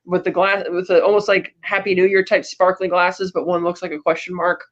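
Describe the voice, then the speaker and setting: Her voice is on the low side and flat, and she talks fairly fast as she co-hosts a podcast. She recaps a film in a rambling, chatty style with plenty of fillers and small laughs, recorded in dull lo-fi sound.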